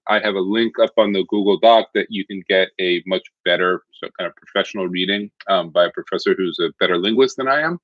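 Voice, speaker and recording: A man with a very low voice gives a recorded literature lecture. He talks in a conversational way, explaining ideas step by step. The sound is dry and dull, like a lo-fi home recording. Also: fairly bright tone, no echo.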